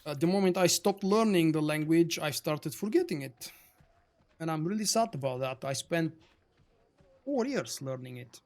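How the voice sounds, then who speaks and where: A man's voice: fairly high pitch, expressive, normal speed, a little mellow. A man streaming a game live, chatting casually with viewers, greeting them by name and answering their messages. English is not his first language. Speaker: livestream gamer reading chat. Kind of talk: casual live-stream chat over gameplay.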